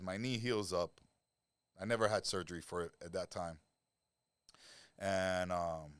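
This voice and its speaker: A man's voice: sits low, clean tone, no echo. A man in his forties, a podcast guest, tells his life story in blunt, profane street talk. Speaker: interview guest. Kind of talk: storytelling interview. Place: podcast studio.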